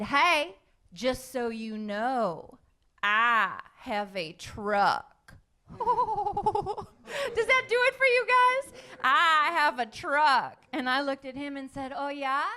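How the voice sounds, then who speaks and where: A woman's voice: high voice, pushed and bright. A young woman doing a stand-up comedy set, sarcastic and teasing the crowd with punchy delivery. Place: comedy club stage.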